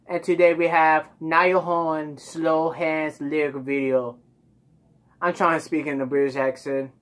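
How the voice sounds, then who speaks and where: A man's voice: a little high, little pitch movement, measured pace, fairly bright tone. A man hosting a casual music reaction video, chatting rambly and talking straight to his viewers.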